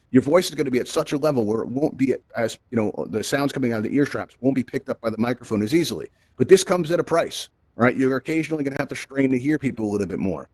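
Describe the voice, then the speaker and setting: A man talks quickly and keeps the energy up, tagging "right?" and "all right?" onto his points as he presents to a crowd. His voice sits at a middle pitch and sounds dry and close, with no room around it, picked up by a headset mic. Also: a little mellow, no room sound. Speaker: event presenter. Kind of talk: presentation to a live VR audience. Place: virtual reality social space.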